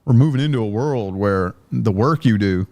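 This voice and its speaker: A man who is a guest on a casual podcast, giving blunt, profane advice in a relaxed way. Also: on the low side, moderate pace. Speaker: tarot reader, podcast guest.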